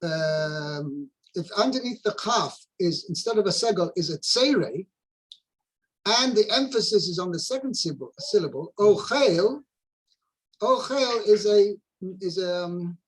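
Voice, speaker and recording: A man with a notably high voice guides a student through a text, translating phrase by phrase. His explanations are patient and methodical. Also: animated, unhurried, breathy edge, low-quality recording. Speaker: teacher. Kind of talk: explaining a text in a study session.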